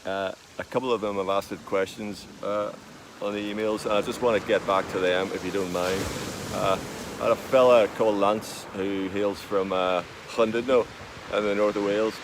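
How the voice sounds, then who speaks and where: An Irish man in a deadpan comic monologue, talking slowly with many drawn-out fillers, recorded outdoors with wind noise behind him. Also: fairly low pitch. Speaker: vlogger.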